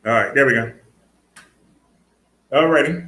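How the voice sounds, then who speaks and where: A man's voice: mid-range voice, measured pace, bright, forceful tone, echoey room, low-quality recording. A man casually demonstrating an e-bike in a vlog, chatty, laughing and talking to his viewers. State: out of breath. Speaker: fitness and e-bike vlogger.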